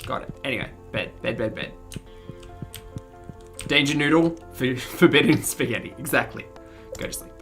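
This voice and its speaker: A woman's voice: extremely low pitch, lively intonation, moderate pace, long pauses, a bit bright, faint music behind. An Australian woman with a mild accent, chatting casually with her livestream audience and laughing often as she reads the chat. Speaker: streamer.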